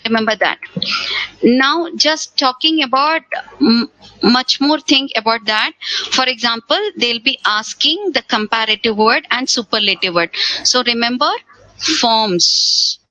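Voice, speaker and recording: Woman teacher, fairly high and bright, explains grammar step by step with rhetorical questions. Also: a little slow, no room sound, rough recording. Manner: repeats key words, asks rhetorical questions. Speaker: English teacher. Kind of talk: exam-prep grammar lesson.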